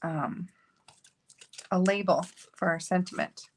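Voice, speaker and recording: Speaking slowly in a lowish voice, a woman talks through making a card in a relaxed crafting tutorial, musing aloud as she goes.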